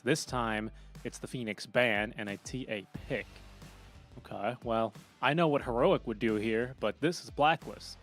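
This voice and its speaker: Esports desk host: man, mid-range voice, upbeat and conversational. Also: mid-range voice. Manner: upbeat, chatty, quick to question the analyst.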